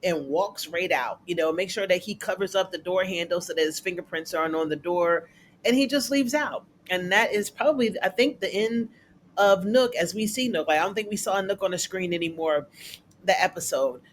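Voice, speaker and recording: A TV recap reviewer who chats casually through an episode. They talk in a loose, colloquial way and jump up in pitch when acting out the characters' lines. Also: moderate pace, slight background noise. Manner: chatty, colloquial, acts out characters' lines in a raised voice.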